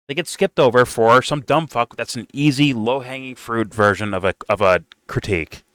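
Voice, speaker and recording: A man in his middle pitch range rants through casual reaction commentary, swearing freely and restarting his sentences as he goes. The sound is dry and close, with no room around it. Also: no room sound. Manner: profane, rambling, animated ranting with frequent restarts. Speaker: podcast co-host reacting to an interview.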